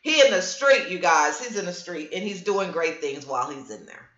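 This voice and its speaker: A woman's voice: on the low side, normal speed. A middle-aged woman hosting a casual livestream, telling stories with lots of voices and answering viewer comments. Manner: animated storyteller, reads viewer comments aloud. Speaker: livestream host. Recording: roomy, dull lo-fi stream audio.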